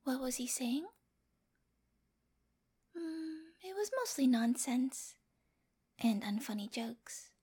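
A woman voicing a sweet but obsessive young girlfriend with a dark streak in a whispered role-play, speaking straight to the listener with giggles and coaxing whispers. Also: high voice, expressive, slow pace, long pauses, slightly rough, exaggerated voice. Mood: creepy adoring. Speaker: voice actor in listener-addressed audio drama.

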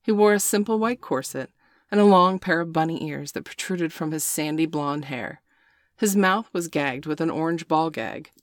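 Low-voiced woman reading a story. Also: no room sound, clean studio sound. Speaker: narrator. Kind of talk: scripted erotic story narration.

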